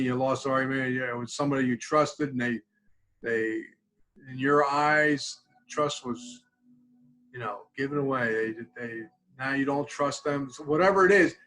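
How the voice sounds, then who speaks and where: A student support clinician leads a live counseling webinar casually, guiding tapping and mindfulness exercises and adding "okay?" after nearly every point. He has a medium-pitched, pushed, bright voice, captured on a rough recording.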